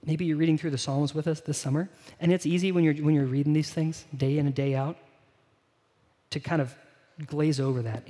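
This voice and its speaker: A man preaching a sermon in a conversational, animated way, often asking the congregation questions. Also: a little high, brisk. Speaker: pastor. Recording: long reverb of a large hall.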